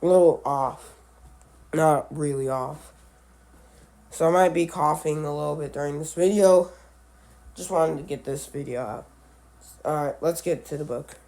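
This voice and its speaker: A man who is a little sick, talking casually through a book about animals, often halting and correcting himself as he goes. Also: fairly high pitch, darkish tone. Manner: halting, self-correcting, stumbles over names. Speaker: animal video creator. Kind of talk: casual book read-along commentary.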